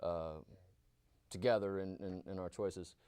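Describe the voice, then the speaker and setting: A man's voice: low voice, fairly even intonation, measured pace, dark tone, clear, resonant tone. A man and stand-up comedian, first answering interview questions, then doing a profane, rambling, self-mocking set in a small comedy venue on a handheld mic. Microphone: handheld stage mic.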